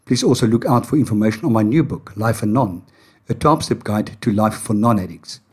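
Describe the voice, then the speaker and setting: Interviewing a guest on his podcast, this Afrikaans-speaking man from Johannesburg, South Africa, has a husky, lowish voice and a brisk pace. He chats in a storytelling, self-deprecating way.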